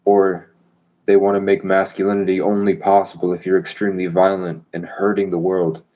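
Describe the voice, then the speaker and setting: Low-voiced, boastful rambling man. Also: monotone, a little fast, muffled recording. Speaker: live streamer. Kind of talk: rambling live-stream monologue.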